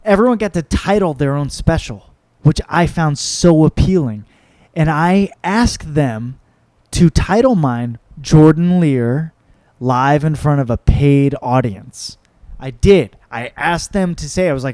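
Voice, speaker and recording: A man's voice: fairly high pitch, lively intonation, measured pace, darkish tone, dry recording, clean studio sound. A young man, a comedian hosting his own podcast, rambling and swearing as he reads out and answers viewer comments. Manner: rambling, profane, self-mocking. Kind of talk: casual solo podcast chat.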